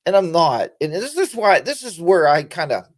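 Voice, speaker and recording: A man's voice: on the high side, big pitch swings, moderate pace. A middle-aged man from the United States hosting a casual motorcycle live-stream chat, rambling with lots of fillers and restarts. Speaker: motorcycle channel host.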